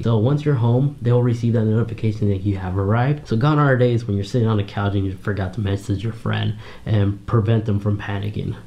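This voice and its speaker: A man's voice: on the low side, dark tone, highs cut off. A man casually explaining phone tips in a chatty voice-over. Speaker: tech YouTuber.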